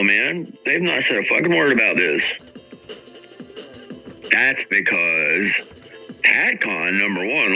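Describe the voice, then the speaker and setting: A man's voice: lowish voice, pushed and bright, rough recording. A man hosting a stream, ranting with mocking, profane commentary about other people. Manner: combative, mocking, swears constantly. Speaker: streamer host.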